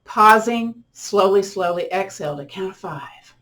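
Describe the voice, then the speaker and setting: A middle-aged woman who instructs yoga and tai chi leads a gentle session, guiding breathing and a body-scan meditation with slow, soothing cues and counted breaths. Her pitch is medium, and loud music plays behind her voice.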